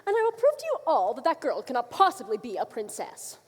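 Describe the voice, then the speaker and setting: A woman's voice: high voice, huge pitch swings, quick pace, full character voice. A woman playing a domineering, scheming middle-aged queen in a live stage musical, bossy and scornful, recorded by a far camera. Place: theater stage. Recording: reverberant theater.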